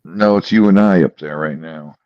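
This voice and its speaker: A man's voice: extremely low pitch, normal speed, dry recording, dull audio. A man co-hosting a casual podcast, telling a funny story and acting out both sides of the conversation. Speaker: podcast co-host.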